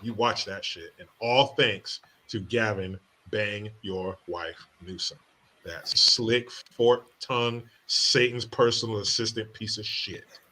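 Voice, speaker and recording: A man's voice: on the low side, takes it slowly, bright, forceful tone. A man hosting a comedy podcast who delivers profane, mocking rants. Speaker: podcast host.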